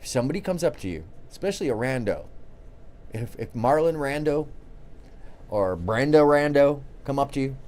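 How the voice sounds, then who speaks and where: Male call-in host, loose and jokey, very lively pitch. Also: normal speed. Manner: rambling, jokey, restarts often. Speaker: show host. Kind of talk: casual call-in show commentary.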